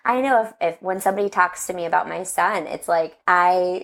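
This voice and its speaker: A woman who works as a casting director, a guest on an interview podcast. Her voice is a little low. She talks earnestly and casually, with quick laughs and lots of "like". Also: gravelly. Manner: earnest, laughs easily, says "like" often.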